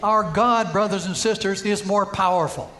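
High-pitched male preacher, storytelling sermon with emphatic peaks, church setting. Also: fairly even intonation, normal speed, sharp tone. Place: church sanctuary.

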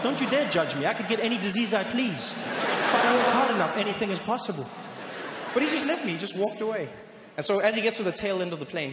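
A man from doing animated stand-up storytelling, acting out the people in his story, live on stage. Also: on the high side. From South Africa. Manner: animated, acts out voices. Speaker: stand-up comedian. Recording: live show in an echoey hall with audience noise.

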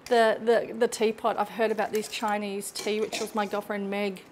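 A woman's voice: medium pitch, level tone, normal speed, background noise. A chatty woman hosting a casual cooking demonstration in her home kitchen, laughing often. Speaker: cooking show host.

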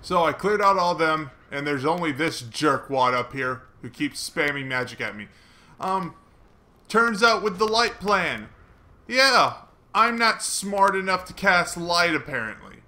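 A man giving casual, chatty commentary while playing a video game, mocking himself and breaking into excited swearing. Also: on the high side, a little slow. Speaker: gaming let's player.

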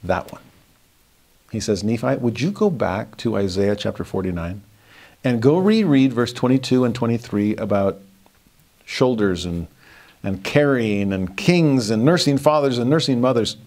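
A middle-aged man teaching a devotional scripture lesson, telling stories earnestly, moving between hushed and animated delivery. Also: mid-range voice, moderate pace.

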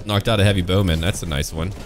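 A man's voice: fairly even intonation, quick pace, music in the background. A man commenting while he plays a video game, playful and joking, slipping into mock-pompous old-fashioned phrasing and yelping with laughter. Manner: playful, jumps to high silly exclamations and laughs. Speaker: gameplay commentator. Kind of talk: let's-play commentary.

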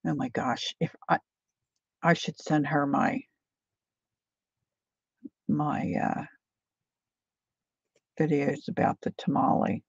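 A woman's voice: low voice, flat delivery, slow pace, vocal fry, long pauses, husky, no echo, highs cut off. A woman hosting a casual painting tutorial, chatty and often drifting into side stories as she works.

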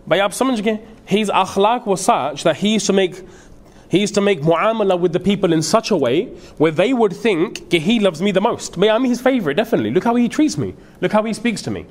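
A man giving an earnest, emphatic sermon-style lecture as a madrasa teacher, mixing in Urdu and Arabic phrases. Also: a little high. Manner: earnest, emphatic, switches between English and Urdu with Arabic quotations.

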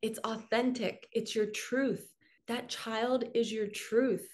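A woman's voice: on the high side, steady tone, slow, a little mellow. Earnest woman leading a healing talk. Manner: earnest, emotional, speaks directly to viewers. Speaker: spiritual coach.

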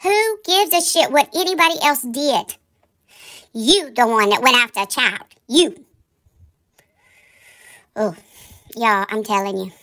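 A woman who runs her own commentary channel delivers a heated, scolding rant packed with rhetorical questions, yet she's unhurried and pauses often. Her voice sits high and sounds bright and sharp.

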